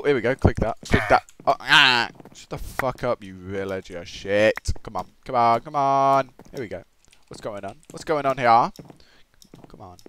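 An excitable Australian man giving gameplay commentary, swearing and swinging between shouted outbursts and low muttering. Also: a little hiss or hum. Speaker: gaming commentator.

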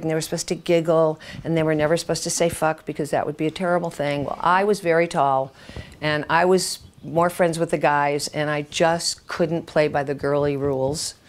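A woman's voice: low-pitched, level tone, normal speed. A woman in her seventies, a writing teacher telling candid stories to an audience, swearing freely and acting out the voices of people in her stories. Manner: acts out quoted voices. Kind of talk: storytelling talk to an audience.

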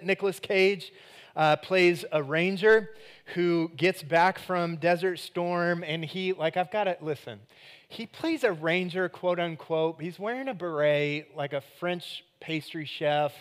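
A male pastor giving a sermon in a casual, jokey and animated way, shifting into prayer. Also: on the high side. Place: church sanctuary.

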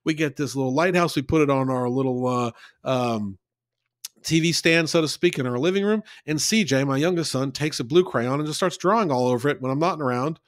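A man's voice: medium pitch, brisk, no room sound, studio quality. Earnest folksy Bible teacher, man.

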